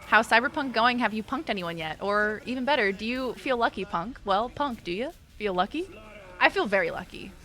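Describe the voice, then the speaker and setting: A woman's voice: on the high side, expressive, brisk, a bit bright. A woman game streamer chatting playfully with her chat as she plays, giggling often. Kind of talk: casual live-stream chat while playing.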